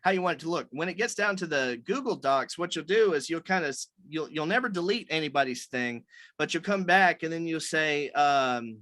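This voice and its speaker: A man's voice: fairly high pitch, lively intonation, fairly quick, bright, forceful tone, no echo. A man leading a writers' meeting on a video call, explaining things loosely with many fillers and restarts.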